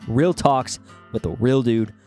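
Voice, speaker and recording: A man's voice: medium pitch, a little slow, mellow, faint music behind. A young man hosting his own casual podcast, rambling and joking at himself, a little out of breath after the gym. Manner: rambling, self-deprecating, restarts mid-sentence. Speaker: podcast host. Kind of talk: casual solo podcast talk.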